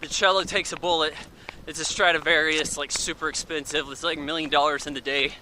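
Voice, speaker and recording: Bright, rambling male film reviewer. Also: fairly high pitch, fairly even intonation, a little fast, slight background noise, low-quality recording. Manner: rambling, loose and offhand. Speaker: movie reviewer. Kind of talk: casual spoken film review.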